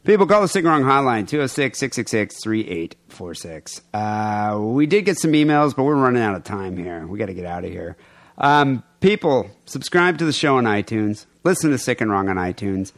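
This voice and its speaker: A man's voice: lowish voice, lively intonation, normal speed, no room sound. A man co-hosting a crude comedy podcast, joking and rambling loosely, often laughing. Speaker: podcast co-host. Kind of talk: casual crude podcast banter.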